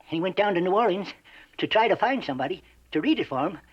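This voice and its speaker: Backwoods man, folksy and giggly, husky, up-and-down voice, muffled old TV sound. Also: high-pitched, animated, fast. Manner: rustic grammar, chuckles, stammers. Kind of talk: 1960s TV western acting.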